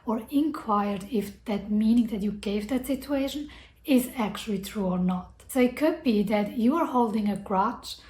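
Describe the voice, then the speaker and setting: A woman's voice: fairly high pitch, moderate pace, mellow. A woman talking earnestly and reflectively to camera about personal growth, using a lot of casual "like" fillers. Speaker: self-development vlogger. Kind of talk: personal advice talk to camera. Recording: echoey room.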